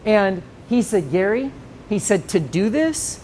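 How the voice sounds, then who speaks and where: Animated storytelling male pastor. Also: sits high, unhurried, a little hiss or hum. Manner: animated storytelling, acts out quoted voices, laughs often. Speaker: pastor and conference speaker. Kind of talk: conference teaching session.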